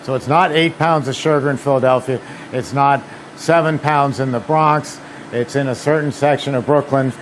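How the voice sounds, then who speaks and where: A man gives a seminar demonstration, loose and anecdotal, with frequent fillers. His voice sits at a middle pitch. Faint room noise hums behind him. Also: fairly even intonation, moderate pace. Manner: chatty, anecdotal, many fillers. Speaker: seminar presenter. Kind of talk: demonstration talk.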